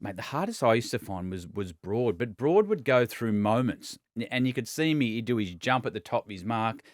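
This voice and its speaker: A man co-hosting a podcast, relaxed and chatty, often saying mate. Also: medium pitch, normal speed, dry recording, clean studio sound. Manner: relaxed, says "mate" a lot, repeats words. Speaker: co-host, former cricketer. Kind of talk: casual chat.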